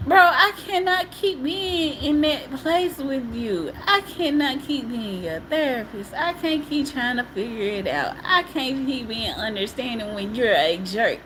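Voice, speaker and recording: A woman's voice: high voice, lively intonation, a little slow, few pauses, background noise. A woman on a livestream giving an emphatic, repetitive monologue in casual colloquial speech, often breaking into laughter. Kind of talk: emotional live-stream monologue.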